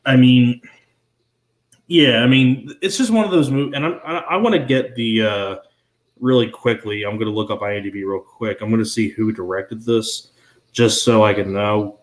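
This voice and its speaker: A man's voice: fairly low pitch, moderate pace. A man chatting casually about movies as a podcast co-host, rambling, repeating words and swearing now and then. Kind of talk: casual movie review chat. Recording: roomy echo.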